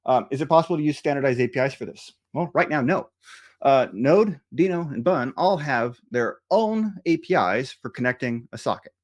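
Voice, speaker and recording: A man's voice: medium pitch, animated, moderate pace. Man giving a casual technical talk. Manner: conversational, many fillers and restarts, tag questions. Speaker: software engineer giving a conference talk. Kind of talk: technical presentation.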